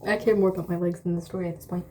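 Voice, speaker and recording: A young woman gossips through a storytime as she does her makeup, rambling and dramatic with lots of asides. Her voice is mellow and warm. A faint hiss sits behind her. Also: lowish voice, little pitch movement, racing. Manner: chatty, dramatic retelling with many asides and fillers. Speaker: beauty vlogger. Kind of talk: storytime chat while doing makeup.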